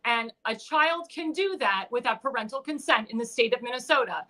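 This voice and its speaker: A woman's voice: on the high side, expressive, a little fast, bright, forceful tone. A woman hosting her own livestream, giving impassioned political commentary with frequent fillers and restarts. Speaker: livestream show host. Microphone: home livestream mic.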